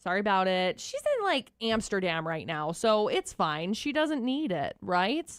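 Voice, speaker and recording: A woman's voice: mid-range voice, sing-song, a little slow, smooth, no echo, clean studio sound. A woman hosting a podcast in casual, playful chat, rambling through asides. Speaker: podcast host.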